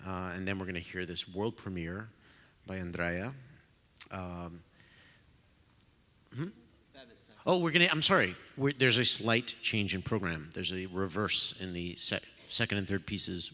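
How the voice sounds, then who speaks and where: Low-voiced guy hosting a concert talk, jokey and halting, voice ringing in a big hall. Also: pushed and bright. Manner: self-deprecating, joking, halting with fillers. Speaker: host of a pre-concert talk. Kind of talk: casual live talk to an audience. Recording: long reverb of a concert hall.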